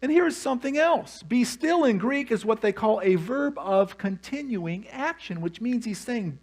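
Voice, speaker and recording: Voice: mid-range voice, lively intonation, normal speed, hardly any pauses, a little mellow. A pastor preaching a sermon, telling the story with humor and animation.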